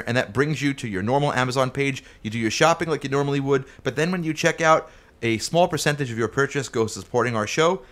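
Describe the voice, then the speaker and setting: Bright-voiced man hosting a podcast. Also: mid-range voice. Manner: rambling, self-interrupting. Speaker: podcast host. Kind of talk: casual podcast chat.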